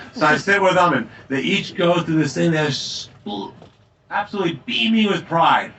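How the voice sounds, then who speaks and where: A man giving a campaign stump speech in a tavern, telling anecdotes in an emphatic, energetic way. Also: a little high, normal speed, far from the mic, slight background noise, rough recording. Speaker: political candidate. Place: tavern, indoors.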